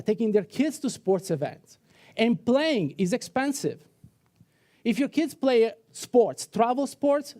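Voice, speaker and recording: A man with an Italian accent, a startup founder giving an animated demo day pitch.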